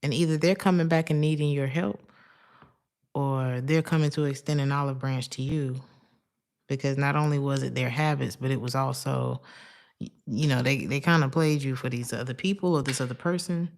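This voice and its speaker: A woman's voice: a bass voice, fairly even intonation, normal speed, creaky, a little mellow. A woman giving a casual tarot reading, chatty and laughing often, drifting into side stories. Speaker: tarot reader.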